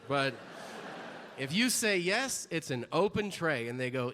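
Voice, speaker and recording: A man's voice: a little high, lively intonation, moderate pace, long reverb tail, background noise. A man performing a stand-up comedy set, ranting with exasperated, profane punchlines and acted-out voices.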